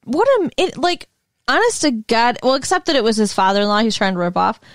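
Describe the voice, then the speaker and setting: A woman from Minnesota co-hosting a podcast, chatting casually with quick, wry remarks. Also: on the high side, lively intonation, dry recording, studio quality. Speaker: podcast co-host. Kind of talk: casual chat.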